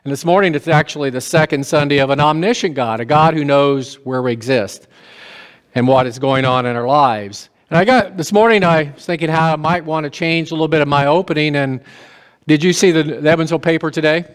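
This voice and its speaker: Folksy pastor in a reverberant sanctuary. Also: male voice, fairly high pitch, fairly even intonation, brisk, clear, resonant tone. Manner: conversational, folksy, with asides to the congregation. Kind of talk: sermon. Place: church sanctuary.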